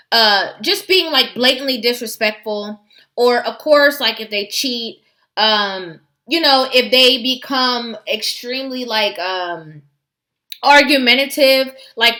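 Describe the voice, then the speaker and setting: A woman vlogger gives her take to her viewers in a chatty way, full of fillers. Her voice is high and bright. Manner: chatty, lots of fillers, addresses viewers as honey. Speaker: vlogger host. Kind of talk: commentary vlog.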